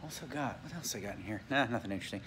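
A man chatting his way through a relaxed home vlog, talking half to himself and half to his viewers. His pitch sits mid-range for a man, and a faint hum of background noise runs under the voice. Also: rapid-fire. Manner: chatty, laughs often, mutters to himself. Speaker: vlogger. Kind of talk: casual vlog chat. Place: home indoors.

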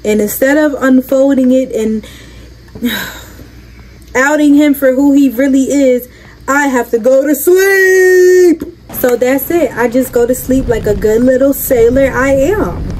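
Brief: young woman, high voice, reactive slangy game commentary, game noise behind. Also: darkish tone, low-quality recording. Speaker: gaming creator. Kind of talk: casual gameplay commentary.

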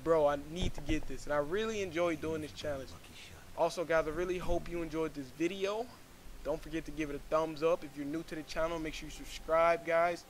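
A young gaming YouTuber talks over his gameplay in an earnest, rambling way, full of fillers. His voice sits a little high for a man. Clear gunfire and game sounds play underneath. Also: a bit bright. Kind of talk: casual gameplay commentary. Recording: game audio noise behind.

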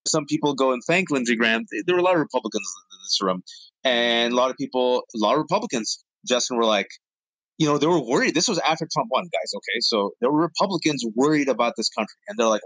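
A man, a columnist guest, telling political anecdotes with lively energy and addressing the audience directly. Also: fairly low pitch, no echo, rough recording. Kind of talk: animated political storytelling.

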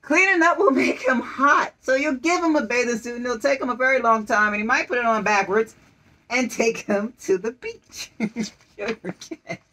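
High-voiced woman reading a storybook aloud. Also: pushed and bright, low-quality recording. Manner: playful, coaxing, giving quick directions. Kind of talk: home storytime read-aloud with pretend play.

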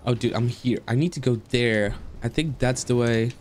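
A man's voice: medium pitch, moderate pace, a little hiss or hum. A man casually commenting on his game as he plays, talking to the characters and swearing. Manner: animated, swears, talks to the game, yelps and squeals. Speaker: gaming streamer.

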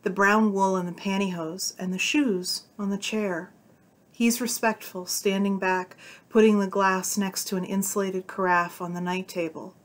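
A woman's voice: medium pitch, fairly even intonation, normal speed. A woman reading a short story aloud, giving the dialogue its own tone. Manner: voices the characters' dialogue with shifts of tone. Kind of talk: audiobook-style story reading.

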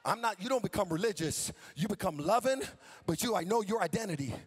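A male pastor preaching an impassioned sermon, shouting and chanting in a sing-song cadence with repeated phrases. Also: sits high, expressive, brisk, slightly rough.

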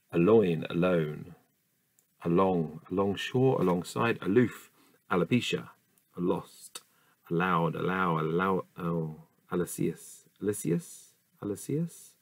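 A man's voice: low voice, no room sound. A man reading dictionary entries aloud one by one, stopping now and then for casual asides and musing about how words are said. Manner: reads word lists slowly with asides and musing. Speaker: reader of a dictionary.

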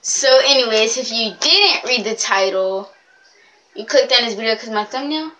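A young woman rambles through a casual vlog, giggling as she loses her thread. Her pitch swoops up and down, and her tone is bright and a little high. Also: lively intonation, normal speed, dull audio, slight background noise. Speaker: vlogger.

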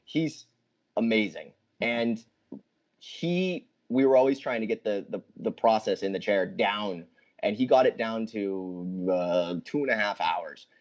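A man, a filmmaker guest, talking casually on a podcast in a halting way with many restarts. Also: fairly low pitch, muffled recording.

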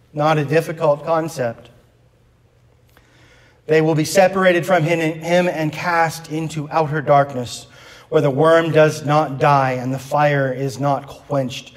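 A man with a high voice preaches slowly and deliberately in a church sanctuary. He is earnest with his congregation and drops in wry asides. His voice rings with long reverb from the room. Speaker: pastor. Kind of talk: sermon.

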